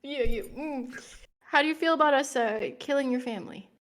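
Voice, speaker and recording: A woman's voice: high-pitched, moderate pace. A woman playing a tabletop game, talking playfully and with emphasis. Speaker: player. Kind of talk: in-character tabletop play.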